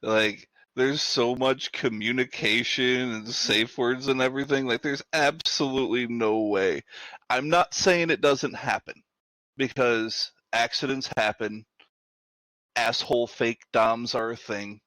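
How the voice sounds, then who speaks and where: A man's voice: medium pitch, unhurried, pushed and bright, no room sound, poor audio. A man co-hosting a talk show, speaking in a plain, matter-of-fact way. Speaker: co-host. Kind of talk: casual chat.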